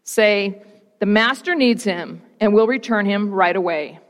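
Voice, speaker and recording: A calm, gentle male teacher, read by a woman preacher, speaks in slow, measured instructions. The lines sound in a long, echoing hall reverb. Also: mid-range voice, lightly acted. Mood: instructing.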